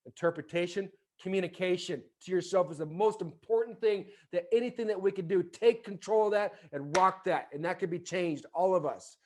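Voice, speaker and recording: Man in his 40s, higher voice, animated storyteller, acts out dialogue. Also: a little fast, hardly any pauses. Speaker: podcast guest, former baseball player. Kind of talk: storytelling in casual conversation.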